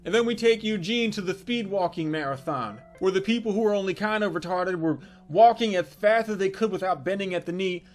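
High-voiced man telling crude comic stories. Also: fairly quick, few pauses, faint music behind. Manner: animated, crude and irreverent, with punchy delivery. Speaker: comedic storyteller. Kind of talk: crude comedic storytelling.

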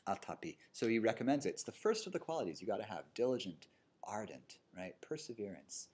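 Husky-voiced man giving a dharma talk. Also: on the low side, sing-song, fast, a little mellow. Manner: casual, storytelling, tags lines with "right?" and "you know". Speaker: meditation teacher. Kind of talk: dharma talk to a live group. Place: yoga studio with a seated audience.

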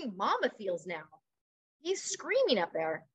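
A woman teacher reading a picture book aloud to children over a video call, expressive and coaxing, pausing to ask questions. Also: medium pitch, husky.

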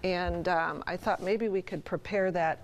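A woman's voice: on the low side, steady tone, a little slow, noisy background. A woman appearing as a guest on a cooking show, chatting as she demonstrates a recipe.

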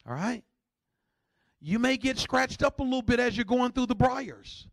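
A man preaching a lively sermon as pastor, joking with the congregation and swinging between shouts and hushed asides. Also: extremely high pitch, moderate pace, gravelly, dry recording.

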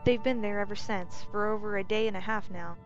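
A woman's voice: mid-range voice, steady tone, brisk, lightly acted. A shaken, fearful Breton man from a fantasy storybook, still shivering at what he saw, as a woman narrator puts him on. Faint music plays under a dull, lo-fi recording. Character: frightened male Breton traveler.

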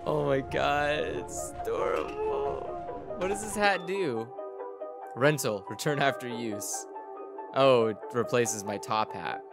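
A man's voice: medium pitch, slow pace, gravelly. A young man casually commenting on a game he plays, joking and sarcastically talking back to the characters. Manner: playful, sarcastic, talks to the characters. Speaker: let's play host. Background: game music.

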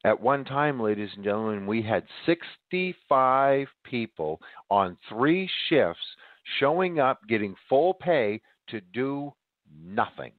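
A man's voice: medium pitch, lively intonation, slow pace, dry recording. Winded preaching man on a tinny line. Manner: emphatic, addresses listeners as ladies and gentlemen. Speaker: podcast host. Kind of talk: preaching monologue.

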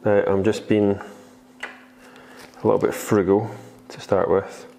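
A man's voice: fairly low pitch, little pitch movement, slow pace, gravelly, mellow, slight background noise. A Scottish man with a chatty, jokey manner, giving a casual cooking tutorial in a kitchen. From Scotland. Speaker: baking instructor.

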